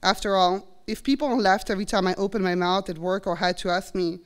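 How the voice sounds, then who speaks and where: On a college stage in front of an audience, a woman in her forties from Belgium reflectively shares a personal story in a live performance, her Belgian French accent clear. She speaks in a smooth, mid-range voice, steady in tone and a little fast. Earnest throughout, she performs the quoted voices as she goes.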